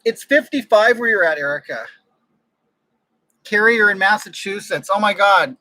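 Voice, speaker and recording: A man's voice: high-pitched, animated, moderate pace, bright, forceful tone, no echo, poor audio. A man hosting a casual livestream from his home, chatting in a gushing, exclamatory way with viewers into a desk microphone. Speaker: livestream host. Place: home room with air conditioning.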